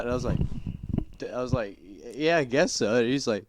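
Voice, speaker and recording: A man's voice: medium pitch, fairly quick, noisy background. A man co-hosting a podcast, telling a rambling story in casual, crude banter and saying "like" constantly. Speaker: podcast co-host.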